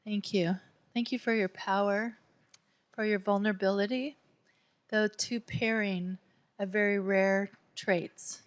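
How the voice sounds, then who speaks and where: A woman in her sixties, an event host, giving slow, grateful remarks after a reading. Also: mid-range voice, fairly even intonation, no echo.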